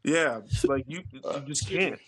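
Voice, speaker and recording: A man's voice: fairly high pitch, animated, unhurried, a bit bright. A man, hosting a podcast and telling rambling, profane stories in casual chat. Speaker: podcast host.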